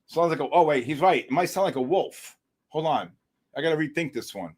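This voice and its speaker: A middle-aged man with a slightly high voice and fairly quick delivery hosts a live futures trading stream. His commentary is excitable, punctuated by loud outbursts and joking exasperation.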